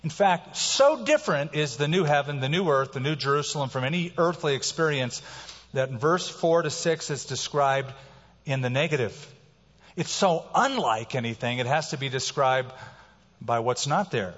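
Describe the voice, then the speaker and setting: A man preaching a sermon in a slightly higher voice, moving between hushed, slowed lines and sudden loud bursts of emphasis. The sound is a bit dull, and his voice trails off in a long reverb, like a church sanctuary. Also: expressive. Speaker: pastor.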